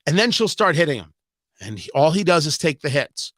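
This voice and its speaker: A man holds forth on his radio talk show, hammering his points with repetition and rhetorical questions. His voice sits high and swings widely in pitch, with a sharp, bright edge. He is close to the mic in a dry studio. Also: big pitch swings, brisk, no room sound. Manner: emphatic, sarcastic, repetitive ranting with rhetorical questions. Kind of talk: political talk radio monologue.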